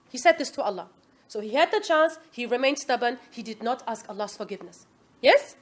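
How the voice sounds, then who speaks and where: High-voiced woman teaching an Islamic class. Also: fairly quick. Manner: asks the class "Yes?" often, lively quoting. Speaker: religious teacher.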